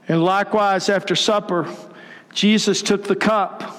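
A man preaching a sermon as pastor, earnest and measured. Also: high voice, fairly even intonation, fairly bright tone. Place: church sanctuary. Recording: long reverb in a large hall.

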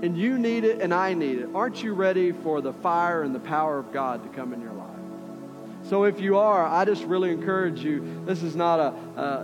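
In a church sanctuary, a man with a slightly high voice preaches an impassioned sermon, repeating phrases for emphasis and acting out quoted voices from the story. The recording is muffled, with a reverberant hall and faint music behind him.

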